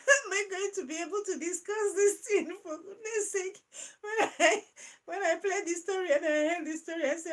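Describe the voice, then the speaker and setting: A woman hosting a live-stream chat, reading out viewer comments and laughing through her words in a playful, animated way. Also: extremely high pitch, normal speed, low-quality recording. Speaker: channel host.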